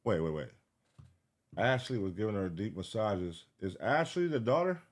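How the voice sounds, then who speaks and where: A man giving live reaction commentary, excitable, swearing and thinking aloud as he searches. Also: on the low side, normal speed. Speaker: reaction streamer.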